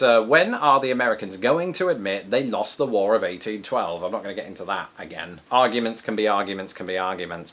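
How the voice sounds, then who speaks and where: A man's voice: fairly low pitch, a bit bright. An Englishman with an English accent, chatting casually as a vlogger answering viewer questions, with many ums and restarts. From England. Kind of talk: casual chat. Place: home in Chicago.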